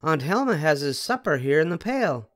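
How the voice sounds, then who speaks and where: An older man voicing an eager little girl who speaks in a bright, chirpy way. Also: on the high side, sing-song, normal speed, pitched above the performer's own voice. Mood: cheerful.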